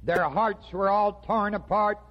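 A man preaching a sermon slowly and emphatically, with dramatic pauses. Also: high-pitched. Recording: dull lo-fi recording with long hall reverb.

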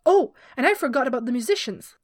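A woman voicing a grumpy, put-upon male club owner who complains loudly and with exasperation. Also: high-pitched, animated, quick pace, dry recording, clean studio sound. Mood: exasperated.

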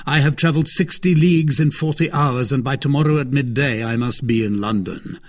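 A man's voice: medium pitch, brisk, lightly acted. A man voicing a proud young male nobleman in a hurry, speaking curtly. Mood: haughty. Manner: curt, proud.

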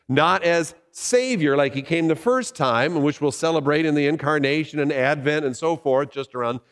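A man's voice: on the high side, fairly bright tone, clean tone, in a large hall. A male pastor giving a sermon in a conversational way, asking his listeners questions. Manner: conversational preaching with rhetorical questions.

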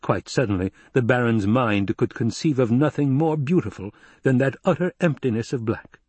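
A man narrating a novel in a steady, measured storytelling voice. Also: mid-range voice, husky, no echo. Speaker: audiobook narrator. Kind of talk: scripted narration.

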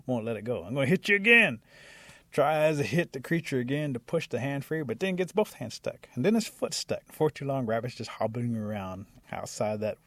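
A man telling a traditional animal story aloud, animated and acting out the animals as he goes. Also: mid-range voice, brisk, few pauses, no room sound. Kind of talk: oral storytelling.

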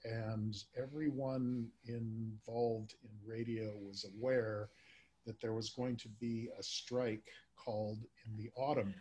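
Male podcast host, casual chat, husky and halting. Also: medium pitch, level tone, mellow. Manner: halting, with many filler words. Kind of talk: casual chat about old-time radio.

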